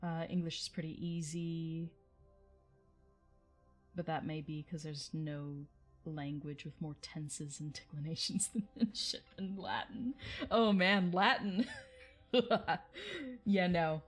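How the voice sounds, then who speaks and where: A woman's voice: deep voice, fairly even intonation, slow pace, pauses often, faint music behind. A woman hosting a livestream, chatting casually with viewers in a rambling way and laughing often. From United States. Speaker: livestream host.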